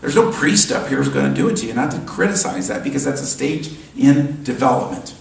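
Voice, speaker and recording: A man delivering a sermon as a minister, animated and emphatic, often repeating his phrases. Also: medium pitch, a little fast, creaky. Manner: animated, emphatic preaching with repetitions. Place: church sanctuary. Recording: echoey church hall from far off.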